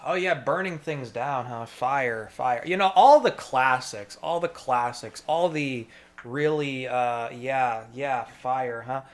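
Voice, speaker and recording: A man's voice: mid-range voice, takes it slowly. A man in a rambling solo monologue, swearing freely and talking to himself. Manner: profane, meandering, talks to himself.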